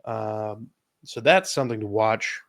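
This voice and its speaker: A man co-hosting a casual sports podcast, running through football injury news with a relaxed tone and easy laughs. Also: lowish voice, measured pace, no room sound, clean studio sound. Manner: relaxed, laughs often, stats-heavy rundown. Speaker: podcast co-host.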